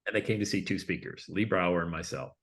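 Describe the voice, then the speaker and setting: A public speaker and coach, appearing as a guest in a casual interview, tells his stories loosely and conversationally. His voice sits low and he talks quickly. He's animated and acts out the voices he quotes.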